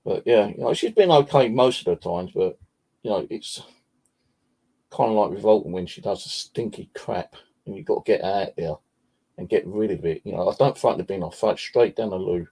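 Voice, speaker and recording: Gravelly low-voiced man. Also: fairly quick, mellow. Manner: swears freely, rambling anecdotes. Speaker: vlogger. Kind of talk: casual storytelling.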